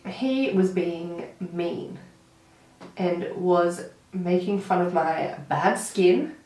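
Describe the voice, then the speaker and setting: A woman's voice: on the low side, very slow, slight background noise. A woman in her twenties with an Australian accent, chatting and telling stories while doing her makeup, with lots of "like". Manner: chatty, animated storytelling with frequent "like". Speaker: beauty vlogger. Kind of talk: chatty get-ready-with-me storytelling. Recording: roomy, distant mic.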